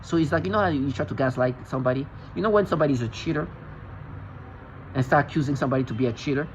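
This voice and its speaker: A man's voice: a little high, racing, muffled recording, slight background noise. A man vlogging in an agitated, intense monologue, often restarting and repeating himself. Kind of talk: rambling monologue to camera.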